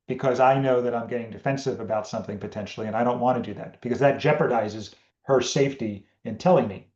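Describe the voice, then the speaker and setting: A man's voice: mid-range voice, fast talker, hardly any pauses, echoey room, muffled recording. A man hosting a podcast, explaining a family communication tool in a casual teaching talk and acting out conversations with his daughter. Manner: animated, acts out family conversations. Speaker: podcast host.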